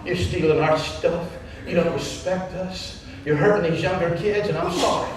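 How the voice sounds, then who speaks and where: Man, pastor, from Wyoming, impassioned sermon, voice booming around a big room, faint hiss behind. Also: moderate pace. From Wyoming, United States. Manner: impassioned storytelling, acting out others' words. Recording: echoey hall from far off.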